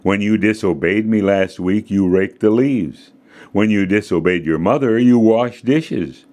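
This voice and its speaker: A man voicing a patient, firm father who calmly teaches his son a lesson in a children's story. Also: lowish voice, measured pace, natural voice. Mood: teaching. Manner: calm, instructive.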